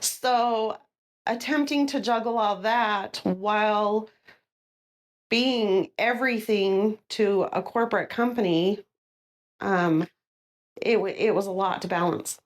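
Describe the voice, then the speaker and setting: A woman's voice: mid-range voice, takes it slowly. Middle-aged female guest, earnest and sincere, casual conversation. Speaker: guest, insurance agent.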